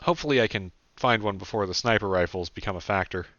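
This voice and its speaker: A man's voice: on the low side, fast talker, fairly bright tone, no room sound, lightly acted. A man voicing a candid young man who rambles casually and swears freely, in an audiobook. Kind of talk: audiobook character voice. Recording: dull dry lo-fi recording.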